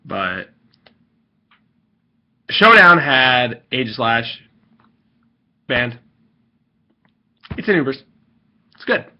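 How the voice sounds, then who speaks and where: A man's voice: medium pitch, big pitch swings, very slow, pauses often. A man hosting his own video, ranting in a rambling, irritated way with lots of fillers and restarts. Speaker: video host ranting to viewers. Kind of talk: casual vlog rant. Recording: dull lo-fi recording.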